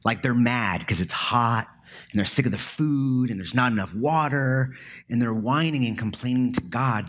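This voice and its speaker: A man's voice: mid-range voice, a bit bright, slightly rough. A man giving a sermon in an earnest, conversational way, with casual fillers as he explains a passage. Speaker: pastor.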